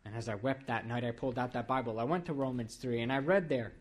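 A man from Iran delivers his testimony from the pulpit in an earnest, storytelling way. His voice sits at an ordinary middle pitch, and he leans into repeated, emphatic statements as the sermon builds. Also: quick pace. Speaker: preacher giving his testimony.

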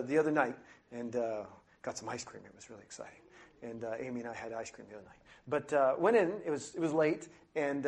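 A male missionary preacher giving an earnest, emphatic sermon in a church, often stretching out key phrases. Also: sits high.

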